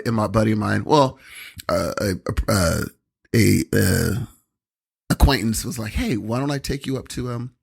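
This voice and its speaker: Gravelly and slightly bright, this young male podcast co-host speaks at a medium pitch. He chats casually, wandering through stories full of filler words and voices he quotes.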